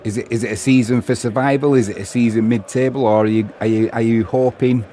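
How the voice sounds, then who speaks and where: A man's voice: medium pitch, fairly even intonation, fast, mellow, slight background noise. A middle-aged Englishman hosting a live match stream, chatting casually and bantering with viewers while commenting on the game. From England. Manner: chatty, bantering, reads viewer messages aloud.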